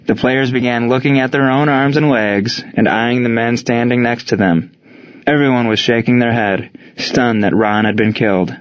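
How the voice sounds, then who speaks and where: A man's voice: medium pitch, fairly even intonation, normal speed. Man reading a story, dull lo-fi sound. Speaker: narrator. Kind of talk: audiobook narration. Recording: dull lo-fi recording.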